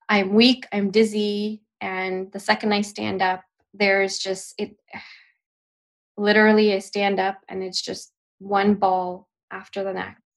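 A young woman with a gravelly, mid-pitched voice tells a painful personal story as a podcast guest. Her delivery is emotional and halting, full of restarts as she relives it.

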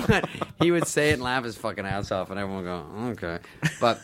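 A man's voice: lowish voice, quick pace, over a noisy crowd. A middle-aged man, a former sketch show writer and performer, telling loose, funny stories as a guest, laughing often and swearing freely. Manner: animated, laughs often, swears freely, mimics other people. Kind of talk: casual storytelling in a podcast interview.

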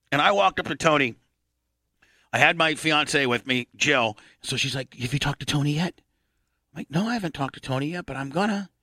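A middle-aged man from Indiana hosting a radio talk show, telling a long story, swearing freely and clearing his throat often. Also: on the high side, moderate pace, pauses often, pushed and bright, no room sound, studio quality.

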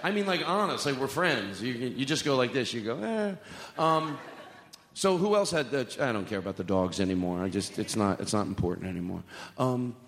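This stand-up comedian speaks in a mid-range, fairly bright voice that's expressive and fairly quick, with slight background noise. Onstage at a comedy club, he rambles, cusses, and jokes with the audience at his own expense. The hall is echoey with long reverb.

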